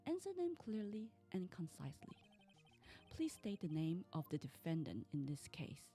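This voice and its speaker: A woman's voice: fairly low pitch, wildly swooping pitch, normal speed, mellow, soft background music. A woman reading as a stern old judge. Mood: solemn. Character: stern older male judge.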